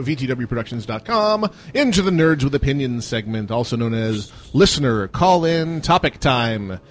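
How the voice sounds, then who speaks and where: Teasing male radio host, animated voice. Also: medium pitch. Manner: teasing, quick banter. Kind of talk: casual chat.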